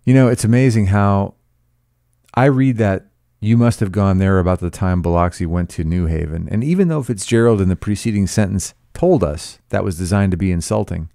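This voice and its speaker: Deep, gravelly man reading with sarcastic asides. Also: normal speed, warm tone, dry recording, studio quality. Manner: blunt, sarcastic, profane. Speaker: teacher reading a novel aloud. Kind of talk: reading aloud with commentary.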